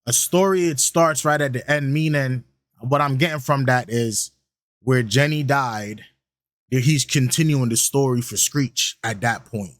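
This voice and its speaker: A man's voice: medium pitch, unhurried, dry recording. Slangy rambling man reacting, dry sound. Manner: rambling, repeats lines back and muses on them; slangy, many fillers and restarts. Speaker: reaction channel host. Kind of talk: casual reaction commentary.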